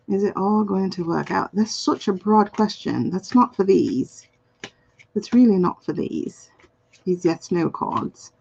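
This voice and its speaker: A woman in her forties chats through a live tarot reading, unhurried and playful, her voice lively in pitch with a gravelly edge. The sound is a little dull and lo-fi. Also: a little hiss or hum. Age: 40s. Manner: playful, chatty, laughs often, reads chat aloud. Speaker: tarot card reader, livestream host. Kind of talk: casual live-stream chat reading cards.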